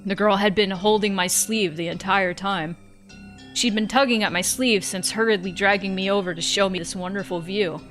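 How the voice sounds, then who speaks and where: A woman's voice: medium pitch, steady tone, moderate pace, fairly bright tone, soft background music. A woman streamer narrating a visual novel in first person, reading expressively and breaking off for joking asides.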